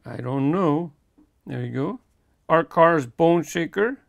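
A man with a fairly high, gravelly voice talks casually through an unboxing, easygoing and chatty. His voice sounds close and dry, with no room around it. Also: lively intonation, takes it slowly, no echo. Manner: chatty, easygoing, chuckles between remarks. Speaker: toy car collector host.

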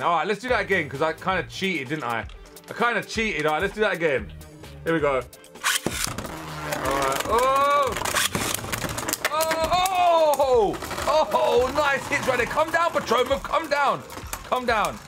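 Young man, high voice, excitable casual commentary, faint music behind. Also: a little fast. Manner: excitable, chatty, exclaims loudly at toy battles. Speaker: toy reviewer. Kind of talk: casual unboxing and testing commentary.

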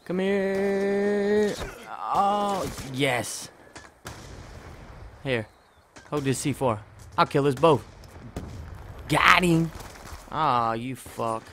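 A man giving excitable gameplay commentary, cursing and talking to himself as he plays. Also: medium pitch, very slow, pauses often, slight background noise. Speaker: gamer making a trolling video.

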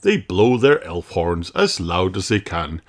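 A man reading a children's storybook aloud in a slow, gentle, sing-song way. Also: low-pitched, sing-song. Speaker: storybook reader. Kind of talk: children's read-aloud narration. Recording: loud background noise.

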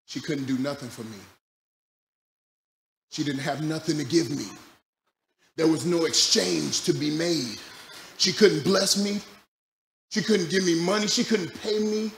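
A man preaching a sermon as a pastor, telling a story that swings from loud, laughing bursts to quiet, low passages. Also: moderate pace. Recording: echoey room with loud background noise.

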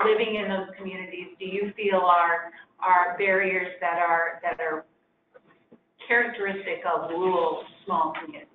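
A woman committee member asking a question in a meeting, halting and searching for words. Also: mid-range voice. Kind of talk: meeting discussion. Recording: echoey room, phone-like, noisy.

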